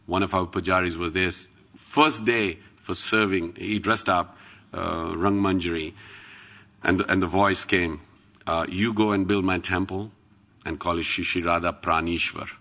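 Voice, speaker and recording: Guy giving a temple talk, bright forceful voice, kinda low, acts out all the quotes. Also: measured pace. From England. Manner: lively storytelling, acts out quoted voices, rises to loud chanting. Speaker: temple speaker. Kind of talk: devotional talk with anecdotes.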